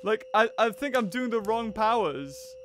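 Jumpy man yelling through a horror game. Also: high-pitched, expressive, a little slow, slight background noise. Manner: jumpy, yelps and laughs, talks to the game characters. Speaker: gaming video host.

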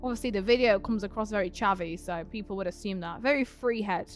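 A woman's voice: mid-range voice, fast, soft background music. A young woman in casual gaming chat, swearing, laughing and teasing her co-host.

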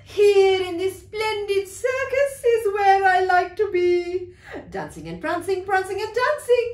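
A woman playing a cheerful storybook rocking horse who chants his rhymes in a playful sing-song, her voice high and lilting up and down. The reading is slow and the room is echoey. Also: big pitch swings, exaggerated voice. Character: cheerful male rocking horse, content with life.

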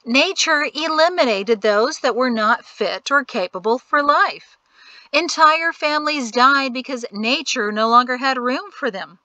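A woman plays a smug, greedy rich man in an audiobook, his tone syrupy and condescending. The voice is bright and a little high, recorded close and dry. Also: expressive, measured pace, no echo, heavily acted. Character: greedy wealthy man, sickly sweet and smug.

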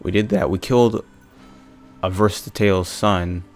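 A man's voice: low-pitched, fairly even intonation, unhurried, faint music behind. A young man hosting a let's play, exasperated and ranting at the game, swearing often. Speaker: gaming video host.

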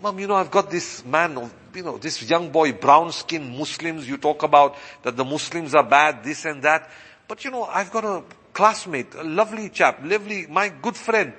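Young male classmate, voiced by a preacher, chatty, admiring, bright, reverberant hall. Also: fairly high pitch, normal speed, husky.

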